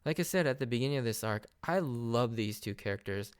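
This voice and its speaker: A podcast host with a mid-range voice and lively intonation recaps anime episodes at a brisk clip, his delivery smooth. He's casual and enthusiastic, laughing often and imitating the characters' lines.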